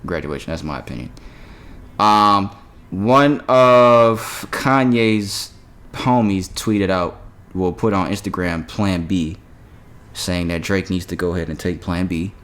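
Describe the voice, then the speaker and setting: Deep-voiced man hosting a casual podcast. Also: normal speed, a bit bright. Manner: quizzes co-host, reads news aloud with casual asides. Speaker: podcast co-host.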